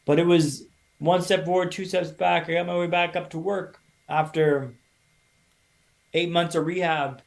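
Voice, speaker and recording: A man in his thirties from Canada, a podcast guest telling his own story in a lively, casual way and acting out other people's lines. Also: on the high side, a little slow, creaky. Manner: animated storyteller, acts out quoted voices.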